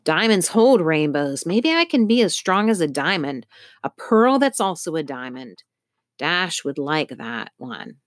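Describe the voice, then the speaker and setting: A woman's voice: low voice, very animated, measured pace, dry recording, clean studio sound. A woman voicing a fierce, troubled young girl. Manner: fierce, urgent inner talk.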